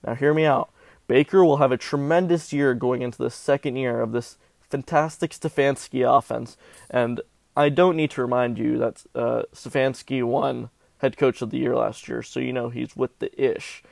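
Gravelly, melodramatic sports-betting host. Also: male voice, mid-range voice, moderate pace, no echo. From Southern California. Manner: animated, melodramatic self-mocking complaints. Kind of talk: casual sports betting chat.

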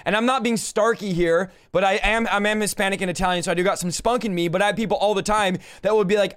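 Fast-talking, high-voiced fired-up host. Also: male voice, clear, resonant tone. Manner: animated storyteller acting out exchanges; emphatic, fired-up preacher's delivery. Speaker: podcast host. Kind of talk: casual chat.

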